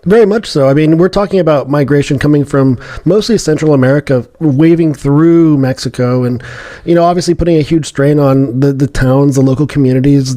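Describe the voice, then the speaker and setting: A man's voice: fairly high pitch, dark tone. A man co-hosting a news podcast, talking casually with many fillers and restarts. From Texas. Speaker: podcast co-host.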